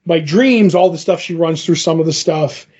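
A man's voice: a little high, normal speed, darkish tone, husky, highs cut off. A man co-hosting a podcast, recapping a comic book issue in a casual, rambling way with many fillers. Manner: retells a comic with filler words and restarts. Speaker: podcast co-host.

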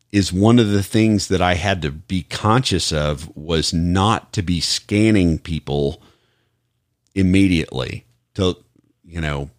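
A man's voice: sits low, dry recording, clean studio sound. A man with an American accent, a police officer on a podcast, telling stories in a rambling, casual way with many restarts. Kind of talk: casual chat, storytelling.

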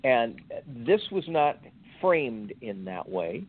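An older man in his sixties shares a personal faith story, pausing often and circling back with fillers. His voice sits at an ordinary middle pitch. The sound is narrow and tinny, like a phone line. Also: big pitch swings. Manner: slow, reflective, halting with fillers. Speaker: podcast guest.

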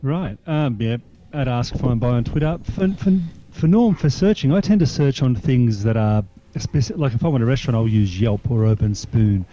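A man's voice: medium pitch, moderate pace, dark tone, muffled recording, slight background noise. An older man with an Australian accent and a nasal voice, rambling through stories in casual chat. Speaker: panelist.

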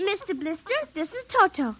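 A woman's voice: very high-pitched, very animated, normal speed, background noise. A woman playing a young girl in a 1950s radio drama, speaking in an eager, pleading, childlike way. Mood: playful.

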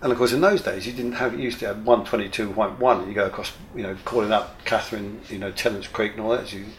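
An older man, a retired airline captain, telling a lively, mildly profane story in an interview. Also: on the low side, quick pace, a little hiss or hum. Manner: lively, swears casually, full of restarts. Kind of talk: casual anecdotal storytelling.

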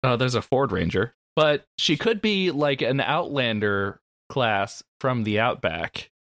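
Podcast co-host; dry, joking, mid-pitched, dry close sound. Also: big pitch swings, measured pace, a bit bright, dry recording. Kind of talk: casual group chat.

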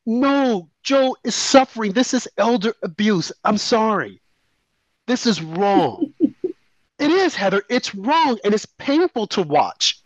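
A man's voice: high voice, sing-song, unhurried, no echo, dull audio. Emphatic man on talk radio. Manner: emphatic, indignant, mimics others. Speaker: radio talk show co-host. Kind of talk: opinionated talk radio commentary.

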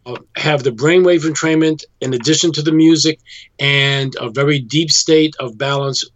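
A man with a fairly high voice explains his ideas calmly as an interview guest. His audio is dry and slightly muffled. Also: moderate pace, no room sound. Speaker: musician guest. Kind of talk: interview conversation.

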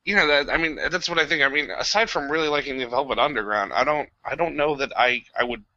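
A man's voice: a little high, fast, bright, forceful tone, lo-fi sound. A man in his thirties from New Jersey, a podcast guest, talking casually and hesitantly and hedging his points. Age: 30s. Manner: hesitant, hedging, with many fillers.

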